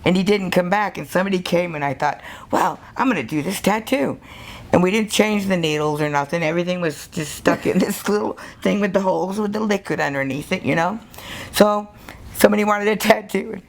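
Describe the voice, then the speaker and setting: An older American woman, a tattoo artist, telling stories in an interview, animated and laughing as she acts out what people said. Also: on the low side, a little fast. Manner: animated, laughing storyteller who acts out quotes. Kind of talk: storytelling interview.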